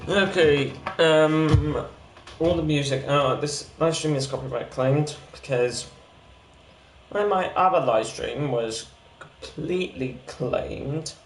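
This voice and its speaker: A man streaming a game, rambling and halting with many fillers as he plays. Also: on the high side. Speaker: gaming streamer. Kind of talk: casual gameplay commentary. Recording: roomy echo with loud ambient noise.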